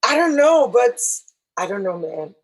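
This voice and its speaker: A woman hosts a casual podcast interview, reacting with effusive emotion. Her voice has a husky edge. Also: on the high side, very animated, a little slow, poor audio. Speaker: podcast host.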